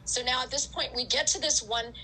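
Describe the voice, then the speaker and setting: A middle-aged woman as a podcast guest, telling a story in a casual, animated way, full of "like" and acted-out quotes. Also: sits high, brisk, slight background noise, poor audio. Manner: animated storyteller, acts out quoted voices, frequent "like". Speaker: guest ultrarunner.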